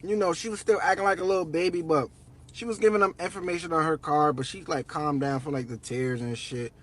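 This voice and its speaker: A man's voice: on the high side, brisk, fairly bright tone. A man telling a story in a casual, slangy, profane way.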